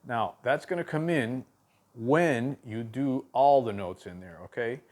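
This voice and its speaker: Slow-paced male drum teacher. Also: medium pitch, a little mellow. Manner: halting, with many fillers and restarts, counting aloud. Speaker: drum instructor. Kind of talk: video drum lesson.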